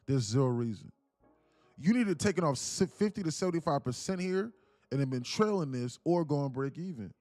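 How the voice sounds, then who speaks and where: A man live-streaming futures trades, talking fast and loose with lots of fillers as he explains charts. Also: a little high, no echo, soft background music. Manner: rambling, heavy use of "like", animated. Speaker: day trading streamer. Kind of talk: live trading stream talk.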